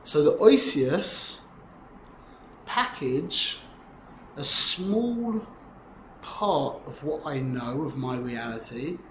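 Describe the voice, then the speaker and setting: This Torah teacher, a man in his forties, draws out his words and pauses often, his somewhat high voice echoing against a faint hum. The class is informal, and he meanders conversationally, repeatedly asking "yeah?"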